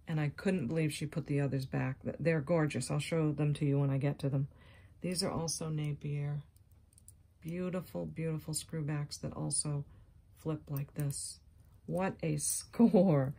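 Low husky lady with a scratchy voice, showing off thrift finds, slow and gushy. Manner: gushing, excited exclamations. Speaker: jewelry haul vlogger. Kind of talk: casual show-and-tell chat.

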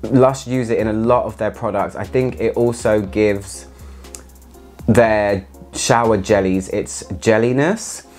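Chatty, excitable male product reviewer. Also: lowish voice, takes it slowly, soft background music. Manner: chatty and excitable, laughs often. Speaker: fragrance reviewer. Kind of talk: casual product review chat.

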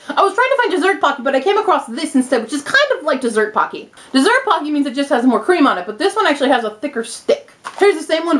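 A young woman vlogging at home, hyper, giggly and excitable, talking straight to her camera. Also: sits high. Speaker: vlogger and English teacher in Japan. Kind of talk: casual vlog. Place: indoors at home.

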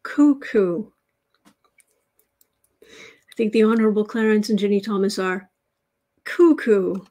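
A woman giving a casual livestreamed tarot reading, drawing her words out and dropping into soft, near-whispered asides. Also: mid-range voice, little pitch movement, a little fast. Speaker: tarot reader.

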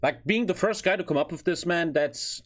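A young man from Germany with a German accent, giving casual reaction commentary, excitable and swearing, often tacking on "man". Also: fairly high pitch, normal speed, a little hiss or hum. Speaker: YouTube reactor.

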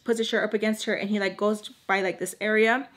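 A young woman at home, telling a story to her viewers while she does her makeup. Her delivery is chatty and animated, full of "like" and repeated words for emphasis. Her pitch sits in the middle for a woman. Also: fast talker. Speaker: storytime vlogger. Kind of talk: casual storytime chat.

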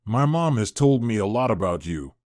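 A man's voice: lowish voice, sing-song, moderate pace, darkish tone, dry recording, clean studio sound. A man reading the lines of an awkward, nervous young man eager to please, in a hesitant, polite manner in a storybook narration.

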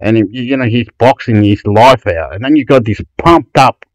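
A man's voice: medium pitch, moderate pace, no room sound, low-quality recording. Vlogger, guy, swears a lot, gushes and repeats himself, dry close sound. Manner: loud, profane, gushing and repetitive. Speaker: YouTube vlogger. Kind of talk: excited rambling screen commentary.

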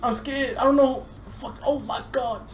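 A woman giving live gameplay commentary, excitable and profane, yelling at her teammates, recorded on a desktop USB microphone. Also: high-pitched, normal speed, soft background music. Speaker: gamer.

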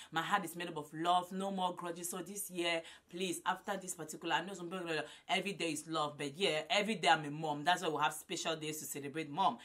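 Loud effusive woman in her twenties. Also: low-pitched. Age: 20s. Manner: loud and effusive, repeats herself. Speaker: vlogger. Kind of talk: casual vlog to camera. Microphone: phone camera.

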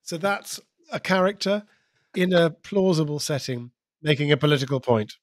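A British man, a guest comedian and impressionist, chatting on a podcast in an animated, digressive storytelling manner. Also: a little high, normal speed, dry recording, clean studio sound. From United Kingdom. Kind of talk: podcast conversation.

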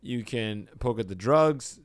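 A man's voice: mid-range voice, animated, a little slow, clean tone, no echo, studio quality. A man co-hosting a podcast, mostly agreeing in short casual replies. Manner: agreeable, brief backchannel replies. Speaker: podcast co-host. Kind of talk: casual chat.

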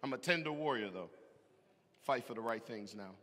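A man preaching a sermon, animated and emphatic, with loud bursts and call-and-response to the congregation. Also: mid-range voice, moderate pace. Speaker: pastor. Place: large church hall. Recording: echoey hall from a distance.

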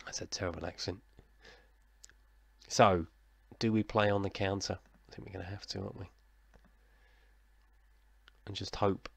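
Gravelly man commentating his game. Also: deep voice, steady tone, normal speed, long pauses, no echo. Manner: chatty, self-deprecating, mock commentator, talking to himself. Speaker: gaming YouTuber. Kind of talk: casual let's-play commentary.

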